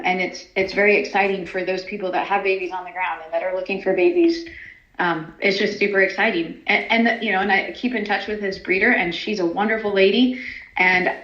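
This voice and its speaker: A woman's voice: medium pitch, a bit bright. A chatty woman, talking as a horse trainer in a casual interview. She laughs often and fills her speech with ums and restarts. The recording sounds roomy and slightly muffled. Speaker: horse trainer and stallion owner.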